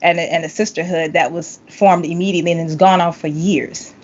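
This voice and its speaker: Woman, casual podcast chat, animated storyteller, slightly muffled sound. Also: fairly quick. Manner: animated storyteller, acts out quotes with big pitch jumps, laughs often. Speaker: podcast host, vocal coach.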